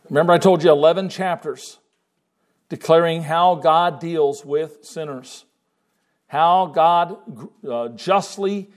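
An older man preaching a sermon, animated, swinging between loud emphasis and quiet asides. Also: a little high. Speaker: pastor.

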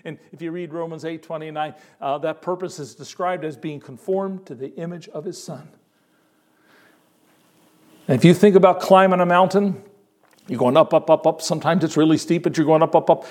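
In his sermon, an older man speaks at a moderate pace in a highish voice. His delivery swings expressively as he quotes scripture and repeats words for emphasis.

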